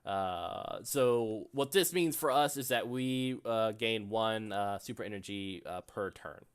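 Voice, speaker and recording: A man's voice: on the low side, unhurried, clear, resonant tone. A man acting as game master, explaining rules and narrating a tabletop game with lots of fillers and restarts. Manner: loose and rambling, many fillers.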